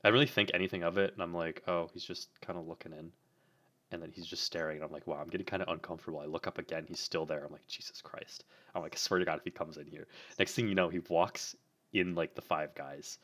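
A man's voice: sits low, a bit bright. A young man co-hosting a podcast, telling a story in a rambling, filler-heavy way. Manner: rambling, many fillers, laughs often. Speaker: podcast co-host. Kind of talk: casual storytelling chat.

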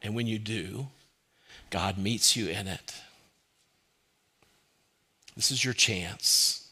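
A man preaching a sermon as pastor, asking many rhetorical questions and dropping to a soft, quiet voice when he quotes. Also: on the low side, slow pace, husky.

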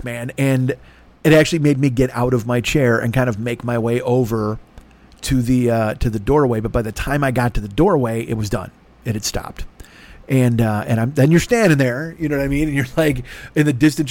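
A middle-aged man rambles through a story with dry sarcasm and constant swearing. He talks at an ordinary middle pitch, in casual monologue style. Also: a little mellow. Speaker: podcast host.

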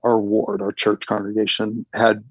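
A man telling a personal story in a casual, animated way, acting out the dialogue with raised voices. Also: on the low side, a little slow, no room sound, dull audio. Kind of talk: casual anecdote.

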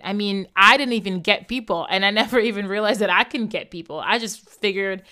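A woman talking candidly and reflectively as a host, animated at times, laughing often and acting out the voices of people she quotes. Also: medium pitch, fairly quick, few pauses, smooth. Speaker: podcast host. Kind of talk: personal reflective monologue.

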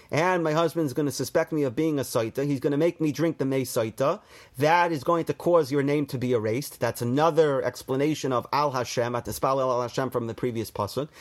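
Man, slightly higher voice, Torah teacher, reads verses and explains, casual fillers. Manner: reads Hebrew verses then translates and explains; conversational, with fillers and restarts. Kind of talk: text study class.

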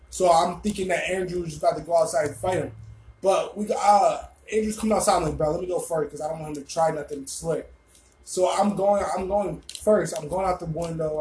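A young man telling a story casually, animated, rambling and full of swearing. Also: a little high, echoey room, rough recording.

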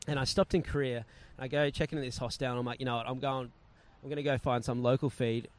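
A man in casual conversation, telling a travel story with lively acted-out quotes. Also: mid-range voice, quick pace. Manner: animated, acts out quoted voices.

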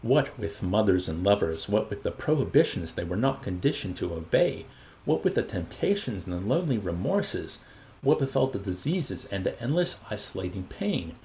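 A man reading a novel aloud with an expressive, animated delivery. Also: lowish voice, normal speed, a little hiss or hum, rough recording. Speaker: audiobook reader. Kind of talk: novel reading with voiced characters.

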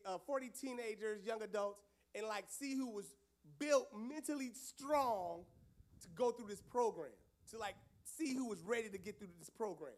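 A youth pastor with a high-pitched male voice tells young people a story in a lively, casual way, breaking into loud outbursts.

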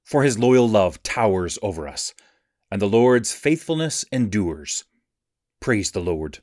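A man reading scripture aloud in a measured, even reading cadence. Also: fairly low pitch, no echo. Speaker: scripture reader.

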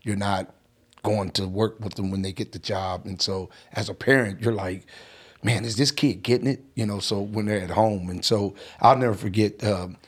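A middle-aged man earnestly telling a family story in a casual chat, animated as he goes. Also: lowish voice, moderate pace.

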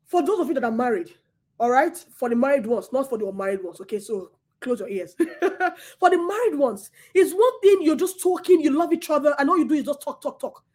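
A woman's voice: high voice, animated, a little fast, darkish tone. A woman preaching a sermon with passion, who repeats her words and swings between laughter and near tears.

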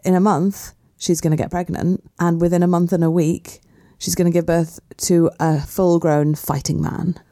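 A Welsh woman gives voice to a male Irish king relating an odd memory. The delivery is mellow and low-set, and it stays plain and matter-of-fact. It is a comic studio retelling. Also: little pitch movement, moderate pace, hardly any pauses, dry recording, lightly acted. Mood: recounting. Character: male Irish king recalling a strange tale. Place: podcast studio.

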